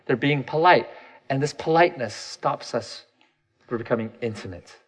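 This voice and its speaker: A man's voice: medium pitch, animated, moderate pace, a bit bright, husky. Guy in his 30s doing a personal reflective talk, candid, kinda self-deprecating, restarts a lot.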